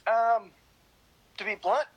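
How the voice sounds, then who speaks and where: A woman's voice: a little high, slow pace, breathy edge, low-quality recording. A woman guest in a casual interview, speaking candidly and bluntly with frequent laughs.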